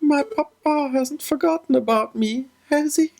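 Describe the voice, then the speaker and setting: A man voicing an excitable young female cat noblewoman in a high, breathless, chirpy way while reading a game aloud. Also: unhurried, vocal fry, full character voice. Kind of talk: let's play voice reading.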